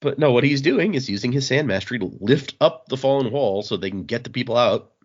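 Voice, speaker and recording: A man hosting a podcast, recapping a comic in a relaxed, rambling chat full of fillers. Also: medium pitch, a little fast. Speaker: podcast host. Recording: dull lo-fi sound.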